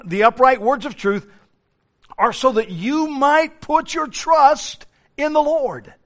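Guy preaching a sermon, pretty high voice, keeps repeating himself for emphasis. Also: a bit bright. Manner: emphatic preaching with repetitions and restarts.

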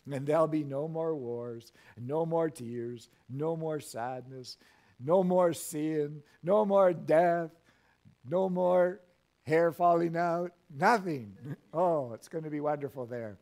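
A man's voice: fairly high pitch, takes it slowly, a little mellow. A middle-aged male pastor preaching a sermon in a church, reading scripture and making folksy asides with frequent chuckles.

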